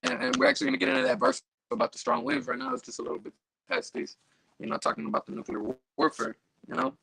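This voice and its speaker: A Bible study reader with a very high, steady, creaky voice, sharp and husky, talks fast. He reads scripture aloud, then riffs loosely on it, full of fillers and tripping over difficult words. The recording is dry and rough.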